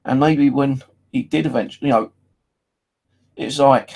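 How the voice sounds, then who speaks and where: A man's voice: mid-range voice, fairly even intonation, moderate pace, creaky, a little mellow, poor audio. A man talking in a casual, rambling personal monologue, full of "you know" and freely swearing. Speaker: vlogger.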